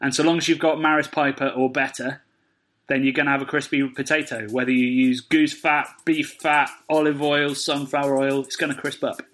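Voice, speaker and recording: A man co-hosting a casual podcast chat, brisk and teasing, confident when giving tips. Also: mid-range voice, little pitch movement, a bit bright. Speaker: podcast co-host.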